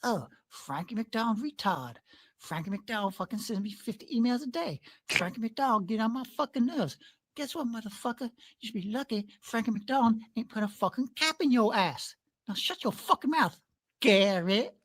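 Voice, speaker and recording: A woman's voice: a little high, lively intonation, normal speed. A woman voicing a foul-mouthed, hot-tempered man who rants and threatens, referring to himself in the third person. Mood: threatening. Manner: threatening, profane, ranting.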